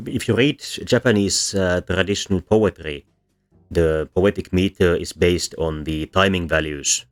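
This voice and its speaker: A man with a very deep voice talks through a lesson, stopping often to correct himself and fill gaps with ums. Faint music plays quietly under his explanation. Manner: hesitant, many ums and self-corrections. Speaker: language teacher. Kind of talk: explanatory lecture while drawing.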